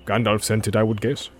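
A man doing a gruff, musing dwarf. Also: lowish voice. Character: male dwarf warrior, gruff and thoughtful.

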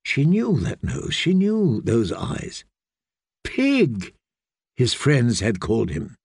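A man narrating a fantasy audiobook in a measured, dramatic way. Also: medium pitch, huge pitch swings, vocal fry, a little mellow, breathy edge, no echo, studio quality. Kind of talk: scripted narration.

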